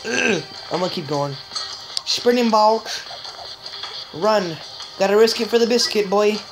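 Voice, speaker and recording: A woman giving joking, excitable let's-play commentary, chatting straight to viewers and letting out sudden high yelps. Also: moderate pace, poor audio. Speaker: gamer. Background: game music.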